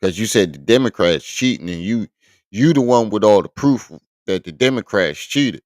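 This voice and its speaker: Blunt exasperated guy hosting a live stream, super low voice, dry sound. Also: animated, moderate pace, darkish tone, no room sound. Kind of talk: live reaction commentary.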